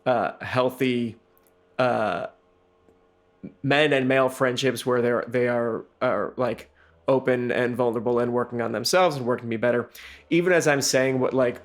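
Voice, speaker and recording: A middle-aged man co-hosting a podcast, chatting casually in a halting, self-deprecating way. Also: mid-range voice, steady tone. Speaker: podcast co-host. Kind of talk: casual chat.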